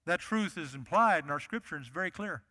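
Bright-voiced preacher in a reverberant hall. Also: male voice, on the high side, animated, fast talker. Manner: emphatic, repeats key phrases. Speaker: pastor. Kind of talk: sermon.

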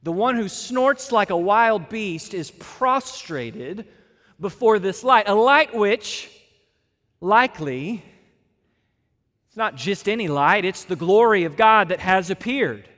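A man's voice: sits high, animated, takes it slowly, fairly bright tone. A male pastor preaching an expository sermon, emphatic and stretching key words for weight. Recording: long reverb of a large hall.

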